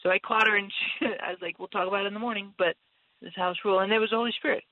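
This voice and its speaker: A woman's voice: mid-range voice, steady tone, racing, dry recording. A woman guest in a casual faith conversation, candid and laughing often as she acts out her own voice in stories. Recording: tinny phone-like line, dry.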